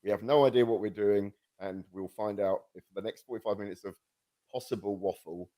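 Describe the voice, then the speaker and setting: Fairly low-pitched and mellow, this man's voice stays fairly even in intonation and moves fairly quickly. Co-hosting a relaxed podcast conversation on a new podcast microphone, he rambles in a self-mocking way with frequent restarts.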